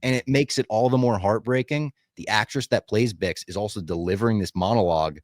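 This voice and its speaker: Low-voiced man gushing on a podcast. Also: brisk, no room sound, clean studio sound. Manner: enthusiastic, profane, acts out quoted lines. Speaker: podcast co-host. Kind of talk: casual podcast chat.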